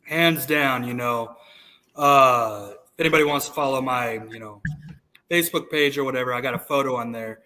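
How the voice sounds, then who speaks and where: A man in his thirties from the United States, appearing as a podcast guest, tells loose, rambling anecdotes in a candid, profane, somewhat crude way. His medium-pitched voice is sharp in tone at a moderate pace. The audio quality is poor.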